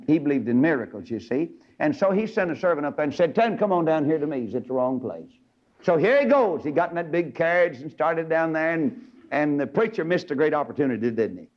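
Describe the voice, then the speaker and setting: A man preaching a fiery old-time sermon, acting out Bible characters in sudden shouts. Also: medium pitch, highs cut off.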